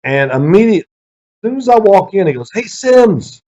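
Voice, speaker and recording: A middle-aged man, a former football player, answering interview questions with lively anecdotes. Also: high-pitched, fast talker. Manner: lively storyteller who acts out quoted people. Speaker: interview guest, former pro quarterback. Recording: dull lo-fi sound.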